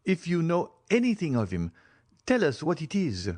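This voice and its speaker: Earnest young man, steady sincere telling, expressive, read by a man, dry studio. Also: on the high side, normal speed, dry recording, pitched above the performer's own voice. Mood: urgent. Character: earnest young man recalling his father. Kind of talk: audiobook character reading.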